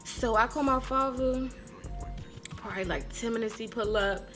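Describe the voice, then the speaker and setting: A woman tells a story straight to the camera in a bright, sharp voice. She talks in an animated, casual way, swears freely and often breaks into laughter. Faint music plays softly behind her. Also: on the high side, normal speed. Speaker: vlogger telling a story.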